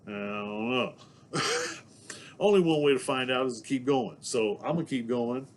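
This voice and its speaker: Man from San Diego, vlogger storyteller, mid-pitched voice, loose rambling delivery, constant fillers, laughs as he goes. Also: moderate pace, slight background noise. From Southeast San Diego, California. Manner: rambling, packed with "you know what I'm saying"; laughs between thoughts. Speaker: vlogger telling prison stories. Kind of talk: casual storytelling to camera.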